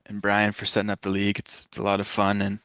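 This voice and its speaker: A man's voice: lowish voice, monotone, fast, fairly bright tone, clean tone, no echo. A man from Canada giving a post-race interview as a driver, hesitant and full of fillers, over voice chat. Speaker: racing driver being interviewed. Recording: dull, lo-fi voice chat.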